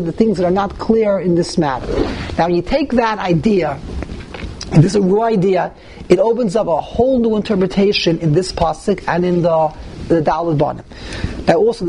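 A man teaching a text-study class, animated, mixing Hebrew and Yiddish terms into his English and jumping up in pitch to stress points. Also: a little hiss or hum, low-quality recording. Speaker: Torah teacher.

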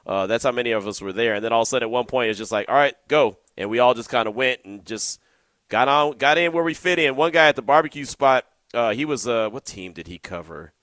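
A man's voice: mid-range voice, lively intonation, fast talker, a bit bright, no room sound. A man hosting a sports radio show, telling stories in a loose, chatty, slangy way. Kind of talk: casual radio chat.

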